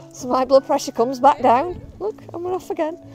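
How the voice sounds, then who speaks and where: A woman's voice: high-pitched, normal speed, darkish tone, faint music behind. A woman, a bird of prey handler, chatting casually and affectionately while filming outdoors. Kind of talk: casual video update.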